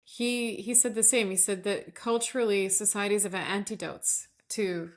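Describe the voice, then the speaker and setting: A woman's voice: medium pitch, steady tone, normal speed. Chatty woman hosting a podcast. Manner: warm, chatty, frequent affirmations and laughs. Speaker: podcast host. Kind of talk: conversational interview.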